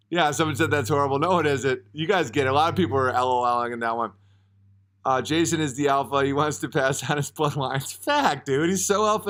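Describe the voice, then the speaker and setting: A man in his thirties hosting a casual livestream, rambling and joking as he answers chat comments. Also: a little high. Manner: rambling, joking, swings to loud acted outbursts. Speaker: livestream host.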